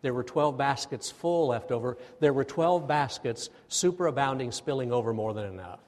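A male pastor delivers a sermon in a church sanctuary. His voice carries a long hall reverb. He talks in a lively way and has the congregation repeat phrases after him. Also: medium pitch, moderate pace. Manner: animated, leads the congregation in call-and-response.

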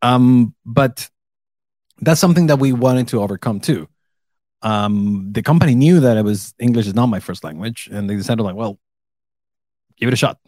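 A man in his thirties, an English speaker, chatting casually as co-host, relaxed and laughing often. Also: mid-range voice, normal speed, long pauses, no room sound. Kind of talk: casual chat.

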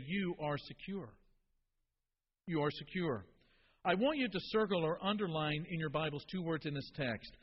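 High-voiced man preaching emphatically. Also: slight background noise. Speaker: pastor. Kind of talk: sermon. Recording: dull reverberant hall recording.

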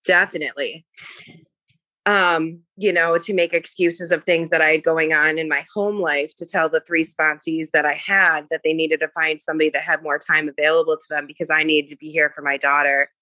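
A woman's voice: low-pitched, flat delivery, fairly quick, hardly any pauses, bright, forceful tone, no room sound. A woman in her thirties, a podcast guest telling her personal recovery story in an earnest, confessional way. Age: 30s.

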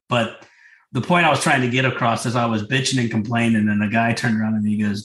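A man, a business coach, telling stories on a podcast in a lively, casual way, swearing freely and laughing often. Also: mid-range voice, fast talker. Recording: roomy echo.

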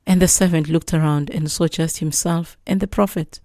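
Woman doing a bible devotional, earnest, warm and kinda low. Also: fairly even intonation, moderate pace, few pauses, dry recording, clean studio sound. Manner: earnest, exhorting. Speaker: Bible teacher. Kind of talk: devotional Bible reading and preaching.

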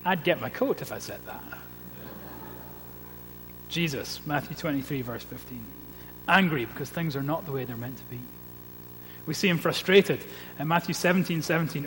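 Earnest preacher in an echoing church. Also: male voice, a little high, a bit bright. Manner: measured, earnest preaching with repeated refrains. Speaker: pastor and preacher. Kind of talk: sermon. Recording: long reverb with faint hum.

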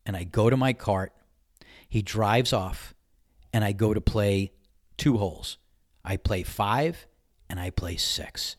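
A man's voice: lowish voice, slow, long pauses, no room sound, studio quality. A man hosting a podcast, telling a personal story in a candid, conversational way and acting out the dialogue. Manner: animated anecdote-telling, acts out dialogue; candid and conversational, mild swearing. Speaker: podcast host. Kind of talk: casual storytelling monologue.

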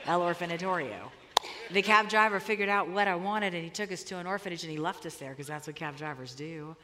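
A woman's voice: on the low side, a bit bright. Woman preaching in a reverberant hall. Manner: conversational storytelling, emphatic. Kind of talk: sermon with personal story.

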